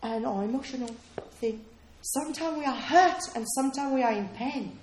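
High-voiced woman preaching in a roomy space. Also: moderate pace, darkish tone, slight background noise. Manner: conversational, keeps checking in with "okay?" and questions to listeners. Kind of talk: sermon. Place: room with a small responding audience.

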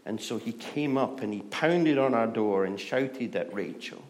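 A middle-aged Scottish pastor preaching a sermon, telling stories and moving between hushed and loud, lively delivery. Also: male voice, mid-range voice, unhurried. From Scotland. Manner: storytelling, shifts from hushed to loud and animated.

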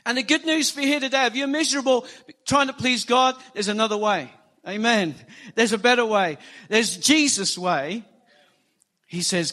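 A man preaching a sermon, animated and emphatic, acting out quoted lines. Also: very high voice, moderate pace. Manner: animated preaching, rising emphasis, quotes scripture in acted voices. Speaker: pastor.

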